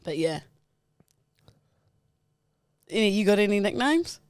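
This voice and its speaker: A woman's voice: medium pitch, sing-song, slow, no echo, studio quality. A young adult woman, co-hosting a casual podcast, teasing and laughing often. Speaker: podcast co-host. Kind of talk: casual chat.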